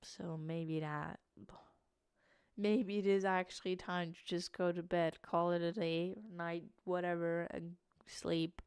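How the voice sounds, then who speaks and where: A woman's voice: fairly low pitch, level tone, a little slow, darkish tone, clean tone, no echo, studio quality. A tired young woman with a British-tinged accent, chatting casually and rambling on a late-night livestream, full of restarts and fillers. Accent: British-tinged English. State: sleepy, tired. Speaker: streamer.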